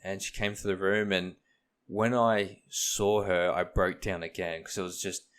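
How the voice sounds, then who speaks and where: A man's voice: deep voice, fairly even intonation, unhurried, smooth. A young man, co-hosting a casual podcast and retelling stories with acted-out quotes. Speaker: podcast co-host. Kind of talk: casual chat, storytelling.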